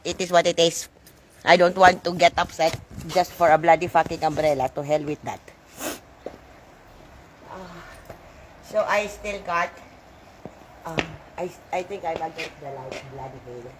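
A woman's voice: sits low, a little slow, pauses often, a little hiss or hum, poor audio. A woman vlogging outdoors in the rain, talking to herself, grumbling and swearing now and then. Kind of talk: casual vlog outdoors.

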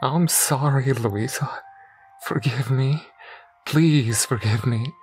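A man's voice: medium pitch, unhurried, soft background music, lightly acted. A man voicing a remorseful, grieving man who pleads desperately, his voice breaking. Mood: desperate pleading.

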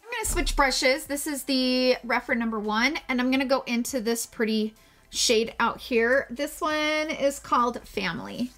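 Woman doing a laid back makeup tutorial, gushes a lot, swears here and there, a bit high. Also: measured pace, a bit bright, faint music behind. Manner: chatty and gushing, jokes at herself; casual swearing. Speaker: beauty vlogger.

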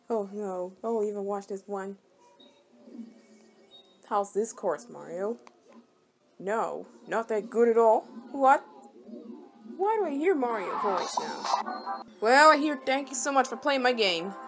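A woman giving rambling, casual game commentary, breaking into sudden excited exclamations. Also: medium pitch. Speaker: gameplay commentator. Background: game music.

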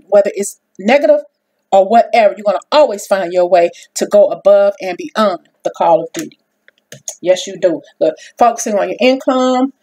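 A woman's voice: mid-range voice, darkish tone. A woman giving a casual tarot reading, folksy and repeating her phrases for emphasis. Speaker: tarot reader.

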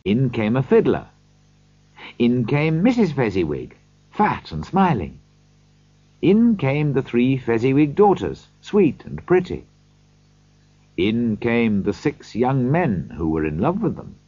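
A man reading a storybook aloud slowly for learners, in scripted narration. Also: mid-range voice, big pitch swings, mellow, no room sound, muffled recording. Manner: slow, clear reading for learners.

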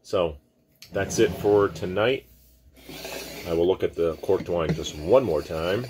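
Deep husky-voiced man tasting wine. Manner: relaxed, rambling, many restarts. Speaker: wine vlogger. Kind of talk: casual wine tasting talk.

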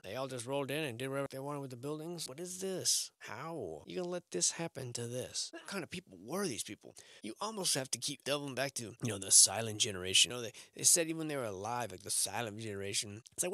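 A man's voice: mid-range voice, quick pace, few pauses, dry recording. A man giving casual, sarcastic commentary on old photos, cursing freely. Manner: animated, sarcastic, swearing. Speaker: video host.

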